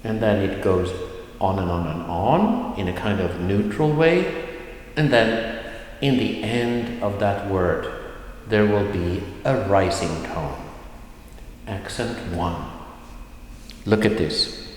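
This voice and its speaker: Slow, patient male teacher in an echoey room. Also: on the low side. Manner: slow, patient explaining with stretched example words. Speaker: Swedish language teacher. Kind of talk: video lesson at a whiteboard. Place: classroom with whiteboard. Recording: roomy, echoey room with long reverb and faint noise.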